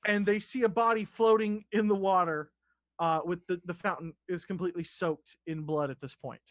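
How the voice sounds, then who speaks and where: A man's voice: high voice, fairly even intonation, a bit bright, no room sound. Loose-talking man running a tabletop game. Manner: loose, swearing, halting narration with restarts. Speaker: dungeon master.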